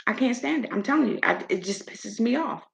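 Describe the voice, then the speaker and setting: A woman hosting her own show, giving an outspoken, animated commentary. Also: on the high side, fairly quick, vocal fry. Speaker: show host. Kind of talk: casual commentary monologue.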